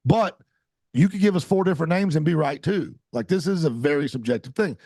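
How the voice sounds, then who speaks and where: A man in his forties co-hosts a podcast, chatting casually about football in a blunt, teasing manner, trailing off and restarting. His voice is a little high, brisk, and mellow. The recording is studio quality with no room sound.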